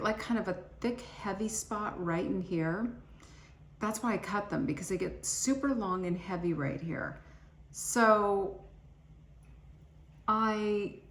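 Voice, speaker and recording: A middle-aged woman chatting casually to camera as a beauty vlogger, rambling and self-deprecating, tired and cranky after travel. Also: medium pitch. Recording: echoey room with faint ambient noise.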